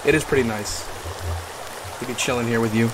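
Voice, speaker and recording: A young man giving comedic gameplay commentary, playful and crude, swinging from mock-tender talk to yelling and swearing. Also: mid-range voice, steady tone, a little fast, noisy background. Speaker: gaming YouTuber.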